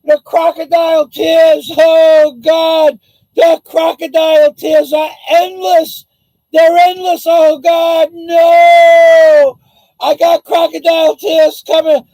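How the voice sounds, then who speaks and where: A man's voice: very high-pitched, level tone, slow, no room sound, pitched above the performer's own voice, full character voice, rough recording. A man playing a wailing fake-crying drama queen. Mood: sobbing. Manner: wailing, exaggerated sobbing, shouting. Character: mocking impression of a rival male YouTuber fake-crying.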